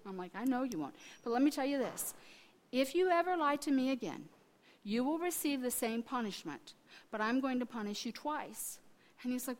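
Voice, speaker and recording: A woman in her fifties preaching a sermon, telling family stories and swinging between quiet asides and loud, emphatic testifying. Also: on the high side, animated, moderate pace.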